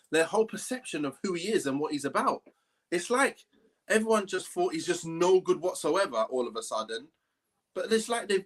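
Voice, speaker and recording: A man's voice: sits high, fairly bright tone. A man co-hosting a casual football chat, earnest and talking in long runs. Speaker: podcast co-host.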